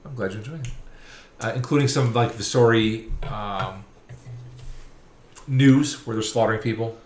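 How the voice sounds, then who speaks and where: A man narrating a tabletop game as game master, setting scenes in a relaxed, chuckling way. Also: mid-range voice, normal speed, slight background noise. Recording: echoey room.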